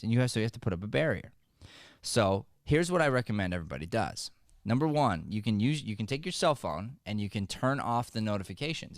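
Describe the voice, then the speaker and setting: A man hosting a podcast as an acting coach, giving motivational advice in an energetic, joking, conversational way. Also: mid-range voice, no echo, clean studio sound.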